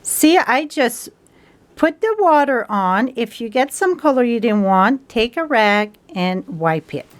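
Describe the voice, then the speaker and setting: Slow, chatty woman demonstrating a craft. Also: on the high side, animated. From France. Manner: chatty, homespun, non-native grammar with fillers. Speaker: stamping craft instructor. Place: home craft table.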